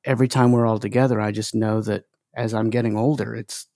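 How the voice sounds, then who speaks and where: A man's voice: on the low side, level tone, fairly quick, a little mellow, dry recording, clean studio sound. A man in his forties hosting an interview podcast, reflecting casually with affirming interjections. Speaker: podcast host.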